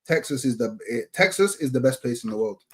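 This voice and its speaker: A man's voice: medium pitch, animated, fairly quick, husky. A man in casual chat, rambling and full of fillers and slang.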